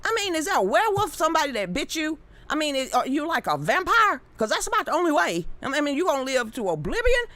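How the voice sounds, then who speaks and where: A woman's voice: sits high, sing-song, bright, forceful tone, no echo. A woman hosting a live stream, chatting loosely and joking while reading comments and articles. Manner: loose and joking, quick asides, Southern-leaning slang. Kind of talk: casual chat reading comments.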